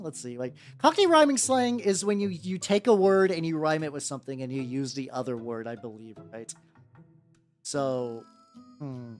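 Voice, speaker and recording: A male streamer chats casually with his viewers while painting miniatures. His pitch leaps up and down as he rambles and repeats himself, and he swears now and then when excited. Faint music plays underneath. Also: normal speed. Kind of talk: casual livestream chat. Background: faint background music.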